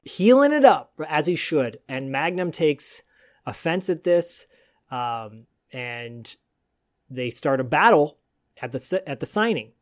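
A man's voice: mid-range voice, expressive, slow pace. A man hosting a podcast, telling a story in a rambling, digressive casual chat. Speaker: podcast host.

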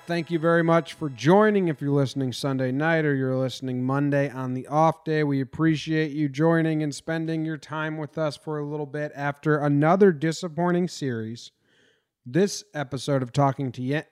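A man's voice: on the high side, fairly quick, few pauses, clear, resonant tone. A man from New Jersey hosting a casual sports podcast, rambling and venting his frustration. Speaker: podcast host.

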